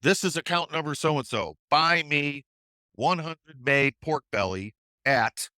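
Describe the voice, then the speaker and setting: A scruffy, wild-eyed trader barks orders down the phone in high, forceful bursts, as a man acts him out in a dry, close sound. His voice jumps up sharply and stays punchy and loud. He comes across frantic and excitable. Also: unhurried, no echo, full character voice. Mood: excited.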